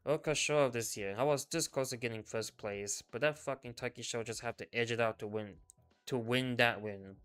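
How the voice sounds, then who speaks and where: A male streamer reading a game story aloud in first person, in a subdued, low-key way with casual swearing. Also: normal speed, a bit bright, clear, resonant tone. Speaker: VTuber streamer.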